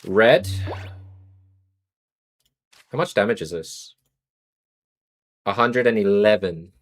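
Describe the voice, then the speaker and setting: A young Australian man with a lowish voice talks slowly while streaming a card game. He chats casually with his viewers and thinks aloud about his moves as he plays.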